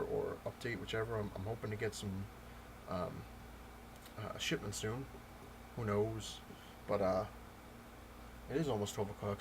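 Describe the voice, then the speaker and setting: A man vlogging about comics, telling a story in a loose, rambling way with many pauses and restarts. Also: fairly low pitch, background noise. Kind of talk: casual storytelling rant.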